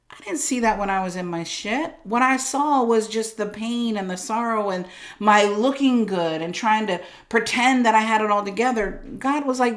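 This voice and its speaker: A woman guest on a podcast interview, telling her story in an animated way, acting out her own thoughts and swinging between quiet and loud. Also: on the high side, normal speed, hardly any pauses. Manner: animated, acts out voices of herself and God, swings loud and soft. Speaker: guest, business coach.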